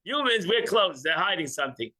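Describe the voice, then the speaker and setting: A man's voice: high-pitched, big pitch swings, a little fast, pushed and bright, poor audio. A man teaching an informal religious class, joking with listeners and acting out little scenes. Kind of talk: informal class with audience banter.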